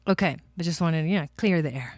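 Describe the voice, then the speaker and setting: A woman's voice: deep voice, fast talker, darkish tone, no room sound. A woman doing casual livestream astrology and tarot readings, chatty, laughing often and talking to her viewers by name.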